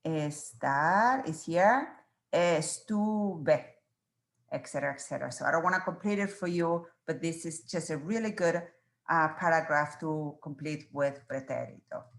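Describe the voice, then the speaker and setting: A woman's voice: sits low, moderate pace, creaky, roomy sound. A woman teaching a Spanish exam review, patiently spelling out verb forms one at a time and checking in with students.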